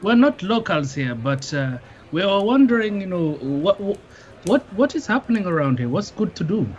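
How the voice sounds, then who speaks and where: A man's voice: high-pitched, very animated, normal speed, dull audio, slight background noise. A man playing a tabletop game, talking hesitantly and playfully in character. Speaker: player. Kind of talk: tabletop role-play.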